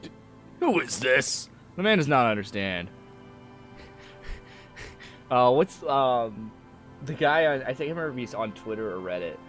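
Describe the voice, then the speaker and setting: A man's voice: medium pitch, animated, normal speed, long pauses, fairly bright tone, soft background music. A man streaming a game, reading its text aloud and laughing constantly between exclamations. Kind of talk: casual let's-play commentary, reading game text aloud.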